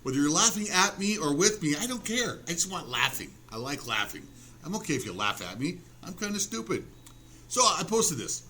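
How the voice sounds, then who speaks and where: A man's voice: a little high, very animated, brisk, sharp tone, slight background noise. A man ranting casually to camera, profane, sarcastic and self-mocking, with frequent restarts. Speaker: vlogger. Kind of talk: rambling casual rant to camera.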